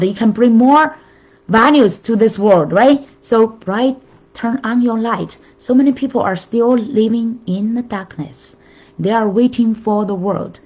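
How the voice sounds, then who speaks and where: A woman's voice: mid-range voice, darkish tone. A woman hosting a weekly motivational show, talking earnestly and emphatically and repeating her key phrases. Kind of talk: motivational talk. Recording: dull lo-fi sound.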